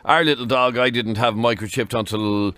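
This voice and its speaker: A man hosting a radio talk show in a lively, wry way. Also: medium pitch, normal speed, clean tone, no echo. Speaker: radio host. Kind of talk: casual chat.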